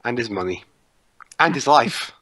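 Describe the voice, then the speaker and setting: A man's voice: mid-range voice, lively intonation, unhurried, a bit bright, no echo. A man leads a casual movie commentary, steering the group through plans and timestamps. He speaks hesitantly with frequent ums in a dry, close-miked voice. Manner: hesitant, full of ums, organizing. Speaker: commentary host picking movies.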